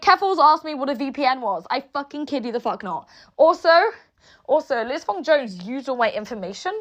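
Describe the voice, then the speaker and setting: Woman, high voice, casual sweary online rant, mocks people she quotes. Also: fairly bright tone. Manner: swearing, rambling, laughing mid-rant; quotes others in mocking voices. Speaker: online commentator.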